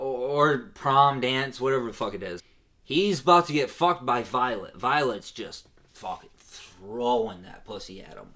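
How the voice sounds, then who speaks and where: Male comic, mid pitch, lively and crude, retelling a film. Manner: crude, animated retelling with acted-out quotes. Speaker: guest comedian. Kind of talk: profane comedic movie recap.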